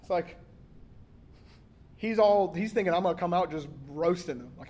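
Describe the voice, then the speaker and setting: A man with a fairly high voice gives a church sermon in a loose, conversational way. He jokes often and acts out little exchanges of dialogue as he goes. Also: steady tone, moderate pace, long pauses, a little mellow, slight background noise. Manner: casual, joking delivery with acted-out quotes and frequent 'like'. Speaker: pastor.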